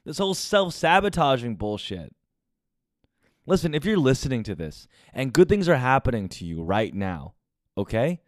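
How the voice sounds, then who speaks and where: A young man hosting a podcast speaks in a candid, confessional way, dropping curse words freely. His voice sits at an ordinary middle pitch. The sound is dry and close, with no room echo. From United States. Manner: candid and confessional, swears often. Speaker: podcast host. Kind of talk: casual podcast monologue.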